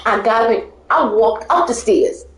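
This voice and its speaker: A woman's voice: a little high, normal speed, roomy sound. A woman telling her life story in casual talk, rambling and emphatic, often breaking into laughter.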